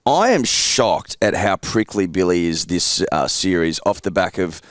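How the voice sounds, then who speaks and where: A man's voice: low-pitched, expressive, unhurried, no echo, studio quality. An Australian man co-hosting a sports podcast, talking in blunt, sweary banter. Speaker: podcast co-host. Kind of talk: casual sports chat.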